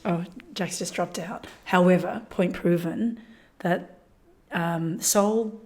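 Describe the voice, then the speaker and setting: A woman's voice: on the low side, takes it slowly, darkish tone. A woman hosting a casual chat, talking with hesitant restarts and trailing asides. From Australia. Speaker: host.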